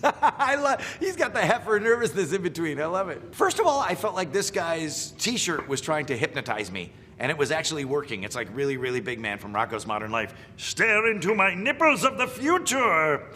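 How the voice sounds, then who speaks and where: Wry man with a slightly high voice. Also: very animated, a little fast, few pauses, fairly bright tone, big-room sound. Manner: wry, playful, jumps into character voices. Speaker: voice actor reviewing impressions. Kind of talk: casual reaction commentary.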